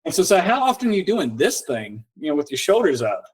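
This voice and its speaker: A man, a nervous system coach guest on a podcast, telling client stories in a lively way, acting out both sides of the talk and slowing down for guided instructions. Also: on the high side, slightly rough, rough recording. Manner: animated storyteller acting out both sides of conversations; slow, guiding coaching instructions. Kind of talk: casual storytelling in a podcast interview.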